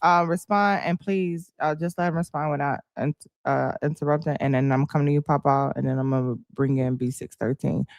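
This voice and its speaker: A woman hosting an online panel, brisk and directive as she moderates speakers. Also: low-pitched, steady tone, gravelly, darkish tone, no echo, clean studio sound. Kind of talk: moderating an online audio room.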